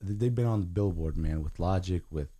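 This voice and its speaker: An earnest young man from Guatemala and the United States, speaking as a podcast guest. His voice sits very low and sounds dark and mellow, and the sound is close and dry. He keeps dropping "man" into his sentences. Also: a little fast, dry recording. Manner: earnest, repeats "man" often. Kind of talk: casual podcast chat.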